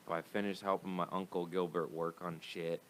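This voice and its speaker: A young man with a deep, smooth voice tells a rambling, profane story in a loose podcast chat. He talks in casual stops and starts, with a comedian's easy delivery. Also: flat delivery, fairly quick. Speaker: comedian guest.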